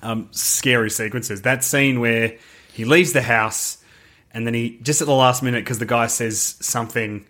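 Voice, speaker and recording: Man, casual film podcast chat, animated retelling. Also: mid-range voice, normal speed. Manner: animated, acts out movie scenes in quoted voices. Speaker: podcast co-host.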